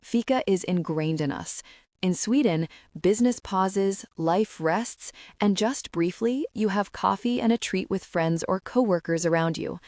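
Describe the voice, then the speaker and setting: A woman reading an audiobook in first-person narration, reflective and even. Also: medium pitch, measured pace, dry recording, studio quality.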